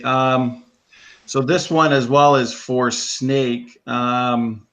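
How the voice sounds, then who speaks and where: A man's voice: medium pitch, a bit bright. A man moderating a debate, reading viewer questions aloud with frequent ums. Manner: halting, reads out viewer questions with fillers.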